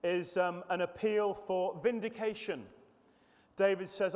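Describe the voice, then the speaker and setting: A man delivering an earnest sermon, his voice pitched a little high for a man. He often stumbles over and repeats his words as he reads and reflects on scripture. His voice rings out with the long reverb of a church hall. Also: fairly even intonation, measured pace, darkish tone. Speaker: preacher. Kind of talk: sermon walking through psalms.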